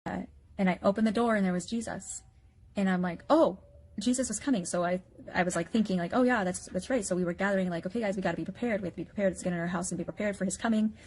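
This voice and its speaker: A woman's voice: lowish voice, steady tone, very fast, a little mellow. A woman anxiously recounting a dream, rambling with many fillers and bewildered questions.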